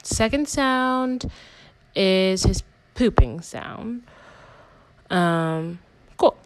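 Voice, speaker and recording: A woman's voice: medium pitch, animated, drawn-out words, clean tone, no room sound, rough recording. A young woman hosting a casual personal podcast, talking candidly in a rambling way with lots of "like" and self-corrections. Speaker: podcast host.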